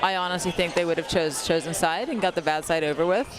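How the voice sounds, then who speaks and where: A woman's voice: on the low side, fast talker. Chatty woman commentator, crowd behind. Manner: chatty, analytical, laughs easily. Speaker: color commentator and pro player. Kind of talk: live sports commentary. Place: outdoor sports venue.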